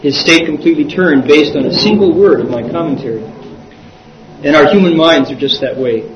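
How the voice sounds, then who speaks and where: Male interpreter for a dharma talk, lively retelling with voiced quotes; echoey and far off on a dull recording. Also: on the high side, brisk.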